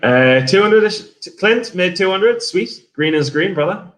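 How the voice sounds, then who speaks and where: An unhurried man with a high, fairly bright voice and lively intonation chats on his livestream, a day trader streamer from England with an English accent. He covers his trades and reads out viewer messages, rambling, swearing freely, and often restarting his sentences.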